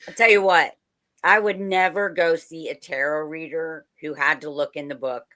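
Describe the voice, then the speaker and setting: A woman's voice: low-pitched, fairly even intonation, normal speed, bright, forceful tone. A woman co-hosting a casual chat, talking in a frank, skeptical and chatty way. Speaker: medium and co-host.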